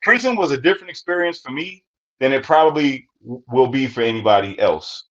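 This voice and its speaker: A man's voice: mid-range voice, lively intonation, a little fast. A man who co-hosts a podcast, telling stories in a blunt, profane, plain-spoken way. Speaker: podcast co-host. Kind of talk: casual storytelling. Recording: dull lo-fi sound.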